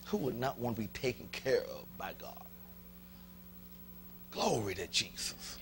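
A male pastor with a Southern US accent preaching an animated sermon in a church, leading his congregation in call and response and dropping to a whisper at times. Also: medium pitch, unhurried, a little hiss or hum. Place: church sanctuary.

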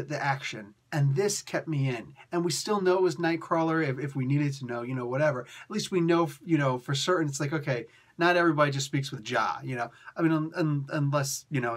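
A man with a husky, somewhat raised voice talks through a comic book review. He rambles and restarts his sentences, and his delivery stays lively and chatty the whole way. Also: a little high, fairly quick, few pauses. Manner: animated, rambling, frequent fillers and restarts. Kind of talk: casual video review.

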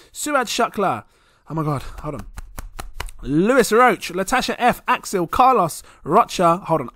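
A man's voice: high voice, a bit bright, dry recording, clean studio sound. A young man hosting his own crypto channel, chatting casually and rambling, often laughing at himself. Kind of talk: casual vlog talk to camera. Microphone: plugged-in desk microphone.

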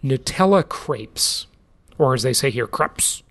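A middle-aged man hosts a podcast in a casual monologue. His voice swings widely up and down and has a gravelly edge. He talks in an emphatic, salesy way. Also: a little high, animated, normal speed. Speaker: podcast host.

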